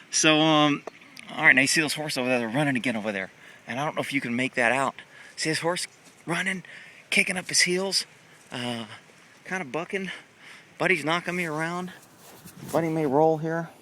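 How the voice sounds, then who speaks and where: A man's voice: on the high side, pushed and bright. A man casually commenting on his horses while filming them with a handheld camera in a muddy pasture, in a rambling, fond way full of fillers.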